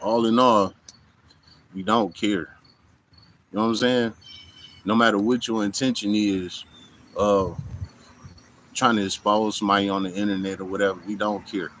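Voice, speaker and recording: A man's voice: lowish voice, steady tone, moderate pace, long pauses, fairly bright tone, a little hiss or hum, rough recording. A man in a casual monologue to camera, blunt and profane, often saying "you know what I'm saying", recorded outdoors. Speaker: vlogger. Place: outdoors in hot weather.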